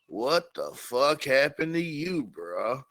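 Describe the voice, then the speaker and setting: A man voicing a huge gruff young man who talks bluntly in slang and swears. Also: fairly high pitch, sing-song, takes it slowly, fairly bright tone, dry recording, heavily acted. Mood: casual.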